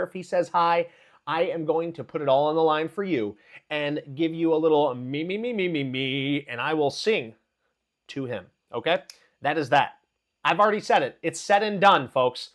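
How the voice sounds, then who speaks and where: A high-voiced man hosts a live market news stream. He talks in a hyped, chatty way and shouts out viewers by name between headlines. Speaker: livestream market commentator.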